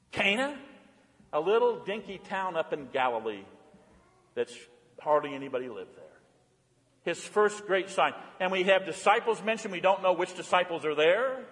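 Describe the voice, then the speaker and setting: A man preaching a sermon as pastor, swinging from lively and playful to hushed and earnest. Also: sits high, long reverb tail. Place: church.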